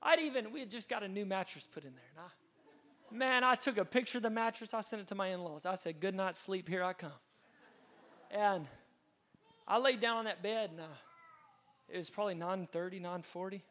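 A man's voice: high-pitched, a little fast, a bit bright. A man, a pastor telling an earnest, dramatic testimony in a sermon, with frequent restarts. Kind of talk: storytelling sermon.

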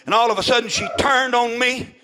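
An older man, a preacher, giving a fervent sermon testimony, peppered with amens and rising to shouts. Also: very high voice, steady tone, fairly quick, a little hiss or hum.

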